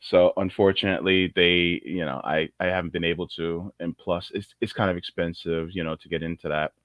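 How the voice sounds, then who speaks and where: A man's voice: sits low, fairly even intonation, brisk, no room sound. Rambling jokey man on a livestream. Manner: rambling and jokey, with many restarts. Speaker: co-host. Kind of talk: casual livestream chat. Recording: muffled lo-fi audio.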